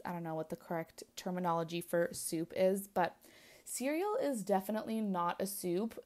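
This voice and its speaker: A woman's voice: medium pitch, a little mellow. Chatty young woman vlogging, rambling. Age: young adult. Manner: rambling, filler-heavy, giggly. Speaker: planner vlogger. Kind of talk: casual chat.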